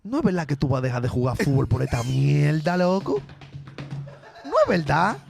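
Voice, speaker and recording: A man voicing his proud, shouting middle-aged father with a Dominican accent, mixing Spanish and English. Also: on the high side, sing-song, fast talker, creaky, husky, soft background music, full character voice. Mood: scolding.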